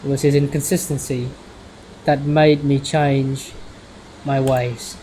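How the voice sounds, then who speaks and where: A man's voice: medium pitch, flat delivery, slow, mellow, a little hiss or hum, rough recording. A man streaming as he reads a visual novel aloud, often stumbling and correcting his words.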